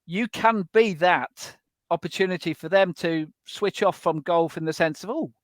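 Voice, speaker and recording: A man's voice: high voice, normal speed, no echo. A man hosting a podcast who asks long, rambling questions and repeats words as he goes. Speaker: podcast host. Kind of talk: interview questions.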